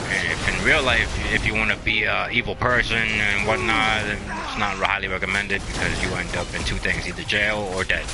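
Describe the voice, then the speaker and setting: A man casually chatting while playing a video game, rambling and encouraging, with lots of fillers. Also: deep voice. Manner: rambling, motivational, many fillers. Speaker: gaming channel host.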